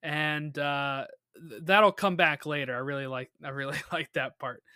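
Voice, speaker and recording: A man with a fairly high, bright and forceful voice talks through a TV episode in loose, rambling podcast chat. He laughs easily and leans on fillers as he goes. The sound is dry and close to the mic. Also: steady tone, normal speed, clean tone, dry recording. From United States. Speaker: podcast co-host. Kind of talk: casual episode recap chat.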